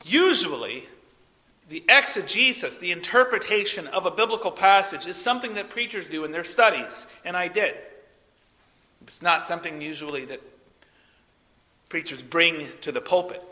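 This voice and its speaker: A male preacher delivering an expository sermon, emphatic, swinging from loud peaks to soft trailing phrase ends, mocking when quoting a rival teacher. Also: sits high, lively intonation, normal speed. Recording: long hall reverb.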